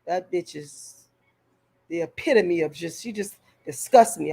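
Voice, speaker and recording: This woman vlogger rants heatedly and profanely into the camera in a husky, dark-toned voice on the low side. She takes her time, unhurried, yet keeps stumbling over repeated words as she presses her point.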